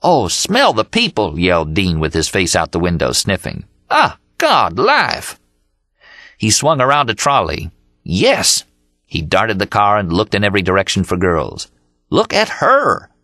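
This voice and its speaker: A man narrating an audiobook voicing Dean, a manic, excited young man who boasts and yells. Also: deep voice, no room sound, studio quality, exaggerated voice. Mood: ecstatic. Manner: exuberant yelling, rapid storytelling.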